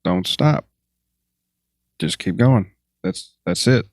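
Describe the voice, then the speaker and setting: A man talking as a guest on a casual podcast, answering in short, low-key replies. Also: animated, takes it slowly, darkish tone, dry recording, studio quality.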